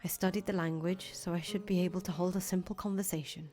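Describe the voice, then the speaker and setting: A woman's voice: on the low side, fairly even intonation, fast, dark tone, faint music behind, natural voice. A woman voicing an earnest young foreign traveler who talks chattily and stammers when she gets nervous, in a fan voice acting of a visual novel.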